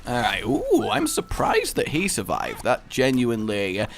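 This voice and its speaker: A young man talks over his own gameplay with a jokey, excitable manner. His pitch swings widely as he jumps from easygoing remarks to loud, high-pitched cheers. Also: unhurried, a little hiss or hum. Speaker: gaming video host. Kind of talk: let's play commentary.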